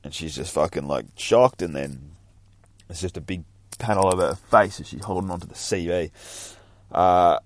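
A man's voice: sits low, normal speed, no echo. A man casually reading through a comic book, cursing freely and rambling about the panels. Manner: profane, rambling, bursts of hype. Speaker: comic reader vlogger.

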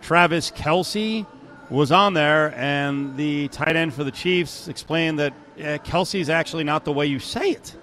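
A man's voice: a little high, unhurried, a bit bright, soft background music. A man co-hosting a sports radio show, bantering casually with a sarcastic, joking edge.

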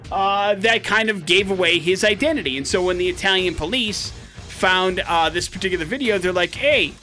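A male radio host with a high, bright, forceful voice tells a news story in chatty, wry banter, dropping dry jokes along the way. Faint music plays under him in the studio. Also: fairly quick. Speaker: radio morning show host.

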